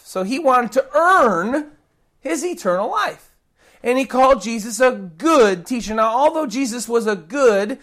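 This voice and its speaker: Earnest woman preaching a sermon. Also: medium pitch. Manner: earnest, animated, acts out quoted prayers and rude retorts.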